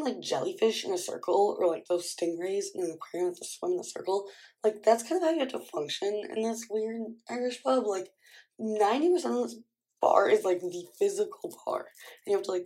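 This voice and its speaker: A woman's voice: medium pitch, mellow. A young woman in her twenties chatting casually to camera at home while getting ready, rambling with lots of "like". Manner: chatty, rambling, heavy use of "like". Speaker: vlogger. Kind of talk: casual chat.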